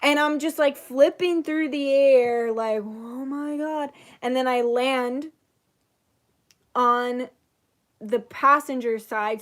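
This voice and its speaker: High-voiced swearing young woman storyteller. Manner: animated, swears freely, acts out quotes. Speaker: channel host, psychic reader. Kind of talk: casual storytelling chat.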